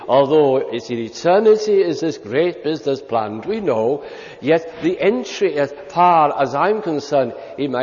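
An older British man preaching a sermon, slow and emphatic, with long pauses and hymn lines worked into his speech. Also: fairly high pitch, darkish tone. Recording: lo-fi hall recording with long reverb.

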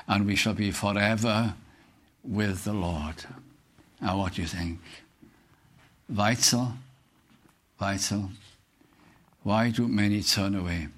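A man's voice: fairly low pitch, fairly bright tone. Older British man preaching a sermon. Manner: slow, earnest, with recited hymn lines.

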